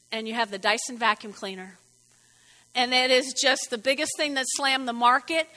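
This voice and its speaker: High bright-voiced woman preaching. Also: moderate pace, big-room sound. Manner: animated, playful, repeats points for emphasis. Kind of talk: sermon.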